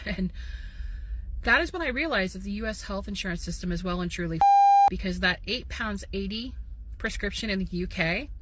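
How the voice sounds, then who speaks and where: A woman telling a personal story in a wry, expressive way. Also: mid-range voice, a little fast. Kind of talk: storytime clip. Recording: faint background noise.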